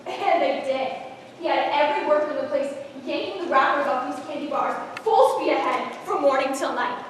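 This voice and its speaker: A woman acting a spoiled, demanding rich girl in a stage play, shrill and shouting, recorded echoey from far off in a hall. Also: moderate pace, a little hiss or hum, close to an everyday voice. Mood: boastful.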